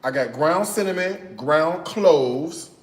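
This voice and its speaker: A cooking-channel host with a fairly high, expressive voice talks slowly and playfully through his grocery haul, often asking "okay?" along the way. It's a casual chat recorded in an echoey room with a little background noise.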